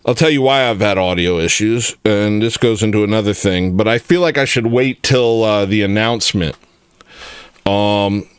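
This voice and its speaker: A man's voice: lowish voice, smooth, no echo, clean studio sound. A man hosting a casual comedy livestream, rambling and joking while reacting to chat. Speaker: livestream host.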